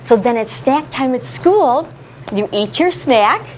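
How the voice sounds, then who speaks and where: A woman leading a classroom lesson for young children, coaxing them through call-and-response in an animated, sing-song way. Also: high voice, slow, a little hiss or hum. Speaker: early childhood educator.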